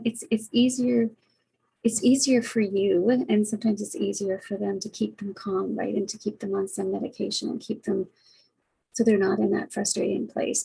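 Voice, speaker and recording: A woman's voice: mid-range voice, vocal fry, warm tone, husky, poor audio. A middle-aged woman vlogging to her webcam as a caregiver, talking earnestly and reflectively with many fillers. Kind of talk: casual heartfelt talk to camera. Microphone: webcam, facing camera.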